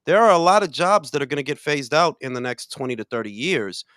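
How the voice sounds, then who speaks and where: An older man hosting a casual boxing talk show, profane and loud, swinging between shouting and muttering. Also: on the high side, very animated, fast talker, no room sound, studio quality. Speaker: boxing podcast host. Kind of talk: casual chat.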